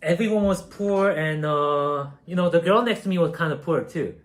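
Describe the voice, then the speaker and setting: A man's voice: a little high, moderate pace. Rambling young man from Korea. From South Korea. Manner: rambling, self-deprecating, many fillers. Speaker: streamer. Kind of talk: casual storytelling while baking.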